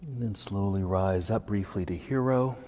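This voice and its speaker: Low-voiced man guiding a yoga class. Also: normal speed. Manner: calm, encouraging step-by-step cues. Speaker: yoga instructor. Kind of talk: guided yoga class instruction. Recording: echoey room with faint background noise.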